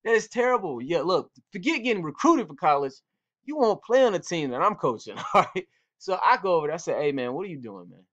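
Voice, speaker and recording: A man's voice: high-pitched, big pitch swings, a little fast, fairly bright tone, lo-fi sound. A man who coaches football, talking casually to young players, telling stories with quoted exchanges in a laid-back, slangy way. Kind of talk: casual instructional talk.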